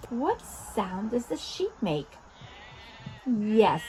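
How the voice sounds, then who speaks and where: A woman hosting an interactive lesson for toddlers, talking directly to small children in an animated, coaxing way. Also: on the high side, slow, a little hiss or hum, rough recording. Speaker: children's video host.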